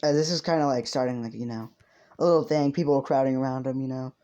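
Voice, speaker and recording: A man's voice: medium pitch, fairly even intonation, fast, mellow. A young man casually improvising a story, rambling and swearing heavily.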